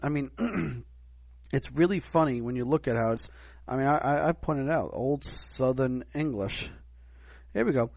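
A man's voice: mid-range voice, measured pace, gravelly, no echo. Rambling New York man, dry close sound. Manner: rambling, animated, with many restarts and asides. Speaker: podcast host. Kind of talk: casual solo commentary.

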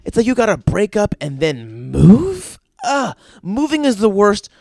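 On his own podcast, a young man rambles through a crude solo rant full of fillers. His voice is high-pitched, sing-song and creaky, a little mellow, delivered at a measured pace. There's no echo, and the audio is studio quality.

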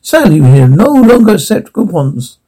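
A man's voice: high voice, very animated, normal speed, warm tone, husky, full character voice, rough recording. An actor playing a pompous male doctor who narrates a promotional film in a grandiose, self-important manner. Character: pompous male doctor boasting of his legacy. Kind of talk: scripted narration.

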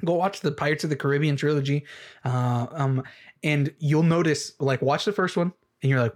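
A man giving excitable music reaction commentary, laughing often and repeating phrases for emphasis. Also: a little high, normal speed. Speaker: video creator.

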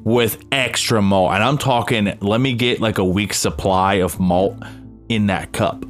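A man's voice: on the low side, fairly even intonation, soft background music. Laid-back young man from new jersey. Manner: laid-back, swears freely, drawn-out phrases. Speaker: podcast co-host. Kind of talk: casual chat.

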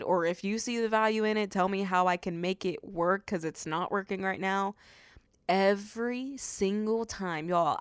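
A young adult woman hosting a faith-based podcast, telling stories and acting out what people said in an animated way. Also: fairly low pitch, clear, resonant tone, no room sound, studio quality. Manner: animated storytelling, acts out quotes. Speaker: podcast host.

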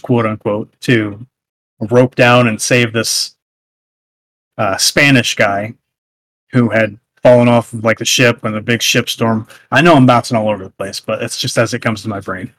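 A man's voice: mid-range voice, no echo. A man co-hosting a casual podcast chat, rambling with lots of fillers and restarts as he recaps a show. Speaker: podcast co-host.

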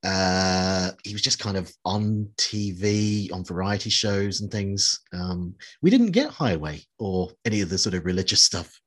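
A man's voice: low voice, expressive, a little slow, hardly any pauses, a bit bright. A middle-aged man from New Zealand chatting reflectively, with many fillers and restarts. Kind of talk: casual chat.

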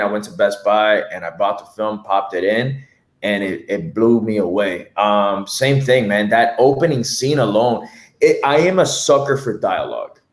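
A man co-hosting a podcast, reviewing a film in a casual chat, telling animated stories and swearing freely. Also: lowish voice, reverberant. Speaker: podcast co-host.

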